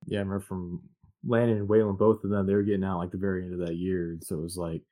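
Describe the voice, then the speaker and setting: A man with a low, deep voice hosts the conversation and asks about a guest's service. He talks in a loose, friendly way and fills his sentences with "like". The tone stays informal throughout. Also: racing. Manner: relaxed, conversational, leans on "like". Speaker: interviewer. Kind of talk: casual interview questions.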